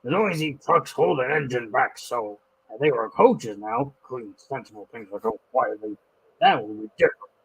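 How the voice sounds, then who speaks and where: A man's voice: medium pitch, animated, gravelly, breathy edge, pitched below the performer's own voice, low-quality recording. A man doing a proud grumbling big engine. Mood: sulky. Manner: slow boastful grumbling.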